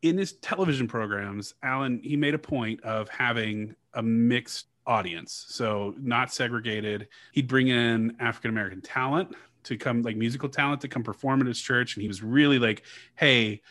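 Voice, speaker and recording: A man's voice: mid-range voice, normal speed, fairly bright tone. A man hosting a casual podcast, telling a history story conversationally with many fillers and reading quotes aloud. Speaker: podcast host.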